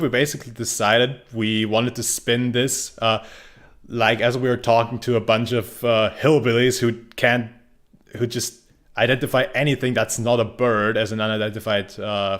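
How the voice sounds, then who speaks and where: A man's voice: mid-range voice, fairly even intonation, normal speed, a bit bright. A young man casually commenting on his gameplay, rambling and joking, with frequent restarts. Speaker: game streamer.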